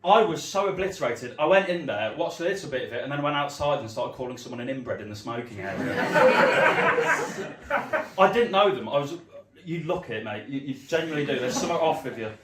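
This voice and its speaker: Very animated and brisk, a young Leicester comic rambles through a sweary stand-up story packed with ums. His voice sits a little high, and the comedy room recording is very noisy, distant, and echoey.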